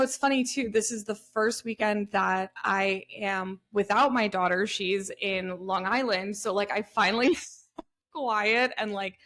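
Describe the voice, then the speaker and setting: A woman's voice: medium pitch, a bit bright. A woman co-hosting a podcast in casual spiritual chat, candid and rambling, who gets heated and swears when frustrated. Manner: talks in loose, rambling runs with many fillers. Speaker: podcast co-host.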